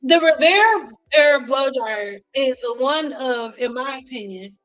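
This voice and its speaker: A woman hairstylist telling stories in a casual vlog, animated and acting out what people said. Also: high-pitched, slow pace. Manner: animated, acts out quotes, frequent "like". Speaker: hairstylist vlogger. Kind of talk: casual storytelling to camera. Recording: dull lo-fi sound with faint music behind.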